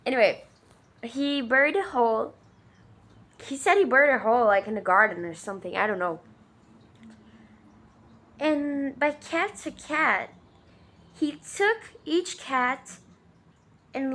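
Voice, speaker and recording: Bright-voiced woman rambling casually. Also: high voice. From Brazil. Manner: rambling, filler-heavy, swears emphatically. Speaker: vlogger. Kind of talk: casual storytelling.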